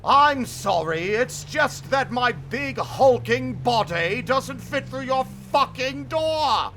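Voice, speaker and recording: A man voicing a huge, clumsy, apologetic monster who delivers pizza, in a loud, high, over-eager squawk. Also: lively intonation, slow, full character voice. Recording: noisy with game car sounds.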